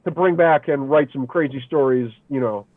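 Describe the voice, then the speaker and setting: A man from the Philadelphia area, a podcast guest, telling a trip story in a casual, animated way, swearing a lot and saying "dude" and "like" all the time. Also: medium pitch, moderate pace, a loud crowd. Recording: tinny phone-like sound, dry.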